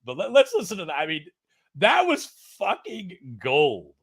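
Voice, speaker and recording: A man hosting a casual live-stream news commentary, excitable, swearing and laughing as he talks. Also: high-pitched, moderate pace, husky. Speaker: host of a political news stream. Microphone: streaming setup mic.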